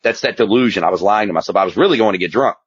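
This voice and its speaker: Candid low-voiced man. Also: lively intonation, rapid-fire, husky, no room sound. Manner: candid, rambling, emphatic, swears freely. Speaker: guest, addiction specialist and author. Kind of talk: casual storytelling interview. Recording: slightly muffled dry recording.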